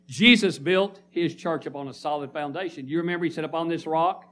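A man's voice: a little high, moderate pace, fairly bright tone. A man preaching a sermon to a congregation, reading scripture and calling for responses. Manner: emphatic call-and-response preaching. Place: church congregation.

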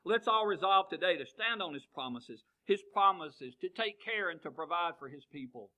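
Pastor, fifties, man, bright ringing voice, a little high, sermon full of questions. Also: animated, moderate pace, highs cut off. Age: 50s. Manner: asks the congregation question after question.

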